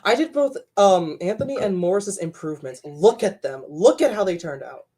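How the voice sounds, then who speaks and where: A man in casual chat on a stream, chatty and excitable about trains. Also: sits high, moderate pace, slightly rough.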